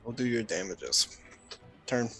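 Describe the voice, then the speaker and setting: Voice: mid-range voice, sing-song, unhurried, a bit bright, soft background music. A player in casual tabletop game chat, speaking matter-of-factly.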